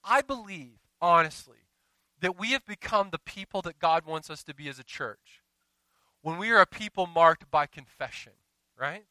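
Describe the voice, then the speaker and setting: Man, pastor, sermon, high bright voice, smooth, dry close sound, storytelling with asides. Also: expressive, moderate pace, no echo, poor audio.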